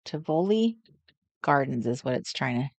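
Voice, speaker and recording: A woman's voice: rumbling low, expressive, moderate pace, darkish tone, dry recording, muffled recording. Chatty woman hosting a crafting livestream. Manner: chatty, muses aloud, greets viewers by name. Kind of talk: casual live chat while crafting. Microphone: desk setup with overhead camera.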